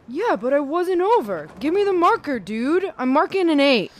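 An actor playing a nervous, indignant bowler who argues back in a movie scene. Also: male voice, very high voice, very animated, normal speed. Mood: defensive.

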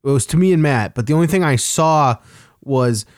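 A man's voice: on the high side, moderate pace, no room sound, studio quality. A young man co-hosting a casual chat show, swearing freely and laughing through his stories. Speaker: podcast co-host.

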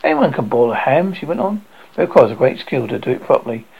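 A man voicing a sharp-tongued, sarcastic older mother who scolds her grown son, in a storybook reading. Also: mid-range voice, lively intonation, fast talker, gravelly, breathy edge, narrow, tinny audio. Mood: fond.

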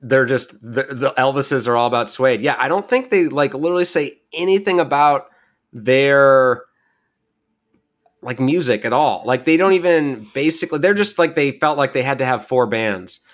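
A man co-host chats in an easygoing manner, rambling and hedging as he works through his thoughts. His voice sits at an ordinary middle pitch for a man. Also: normal speed. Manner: easygoing, rambling, hesitant with fillers. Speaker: podcast co-host. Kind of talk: casual chat.

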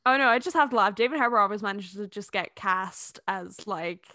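A woman's voice: medium pitch, fairly quick, sharp tone, no echo, studio quality. A young woman co-hosting a casual movie review chat, chatty with lots of fillers. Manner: chatty, many fillers, laughs easily. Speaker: podcast co-host.

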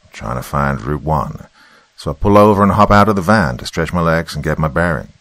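A man voicing a gruff uncle who tells a creepy story in a blunt, profane, conversational way. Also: rumbling low, lively intonation, brisk, a bit bright, no echo, heavily acted. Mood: storytelling. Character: gruff middle-aged uncle, rideshare driver telling a story.

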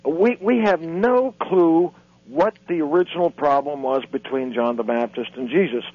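A man speaking as an author and lecturer guest on a radio interview, halting and repeating words as he tells his story. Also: on the high side, no echo. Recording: dull lo-fi radio audio.

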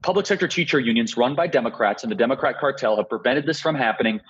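A man's voice: mid-range voice, animated, fairly bright tone, slightly rough, dull audio. A young man arguing emphatically as a guest in a political interview. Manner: emphatic, rapid argumentative delivery.

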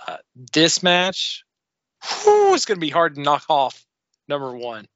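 An excitable man co-hosting a podcast, swearing freely and laughing as he gushes. His voice is bright and forceful. The sound is dull and dry, close on the mic. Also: fairly high pitch, measured pace, dry recording. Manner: excitable, profane, laughing often. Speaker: podcast co-host. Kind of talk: casual wrestling review chat.

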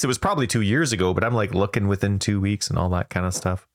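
A man's voice: lowish voice, animated, racing, hardly any pauses. A man co-hosting a casual gaming podcast from home at a desk mic, talking in a rambling, chatty way. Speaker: podcast co-host. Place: home recording setup with a cat nearby. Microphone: desk microphone.

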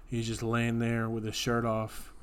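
A podcast co-host with a smooth, mid-range male voice speaks a little slowly, telling absurd made-up stories completely deadpan during casual chat.

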